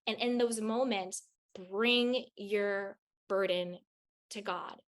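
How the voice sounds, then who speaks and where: A woman's voice: medium pitch, fairly even intonation, takes it slowly. A woman talks as a podcast guest, sharing spiritual advice with raw candor. She swears freely and repeats phrases to drive her points home. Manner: emphatic, repeats phrases for stress. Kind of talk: candid spiritual advice in conversation.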